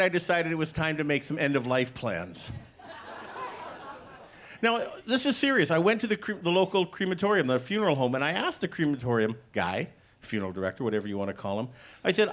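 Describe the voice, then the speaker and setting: Guy doing standup, bit higher voice, really lively swoopy delivery, deadpan punchlines. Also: fairly quick. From Canada. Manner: playful, deadpan punchlines, acts out both sides of dialogue. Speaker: stand-up comedian. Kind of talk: stand-up comedy set. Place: comedy stage before a live audience.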